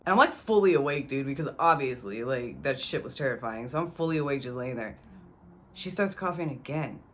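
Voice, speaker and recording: A woman's voice: very deep voice, animated, fairly quick, a little hiss or hum. A young woman vlogger telling a personal story in a casual, slangy way, cursing freely and addressing the viewer directly. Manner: slangy, profane, talks straight to the viewer.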